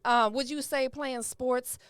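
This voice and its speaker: A woman's voice: sits high, fairly even intonation, slow pace, a bit bright, clean tone, dry recording, clean studio sound. A woman hosting a podcast interview, chatty and encouraging. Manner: chatty, encouraging, uses lots of "you know what I'm saying". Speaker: podcast host. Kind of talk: casual interview chat.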